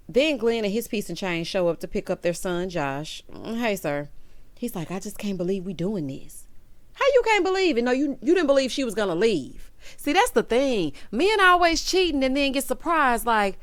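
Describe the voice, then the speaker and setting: A woman's voice: mid-range voice, sing-song, brisk, fairly bright tone, dry recording. Sassy woman in her late thirties, chatty recap host, dry close sound. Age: late 30s. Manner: sassy, chatty, talks straight to viewers. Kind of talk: casual recap commentary.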